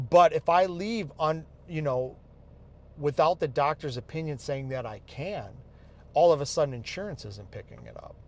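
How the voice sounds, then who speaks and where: A man telling his own story to camera in a casual, heated monologue, swearing a lot. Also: fairly high pitch. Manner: angry, heavy swearing, quoting others in his own voice. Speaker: vlogger recounting his rehab experience.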